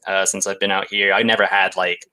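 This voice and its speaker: A young English man from London, his accent partly Americanized, talking in a deadpan way as a guest in a casual interview. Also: sits low, a little fast, rough recording. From England (London).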